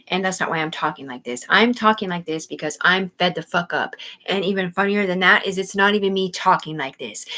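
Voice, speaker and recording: A woman's voice: medium pitch, fairly bright tone, low-quality recording. Angry, profane woman ranting live. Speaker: livestream host. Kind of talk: live-stream rant.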